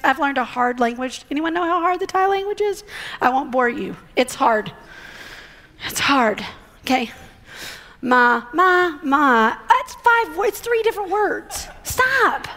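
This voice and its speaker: A middle-aged woman, preaching as a guest speaker and telling a story in a lively, conversational way with acted-out quotes. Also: high voice. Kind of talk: sermon.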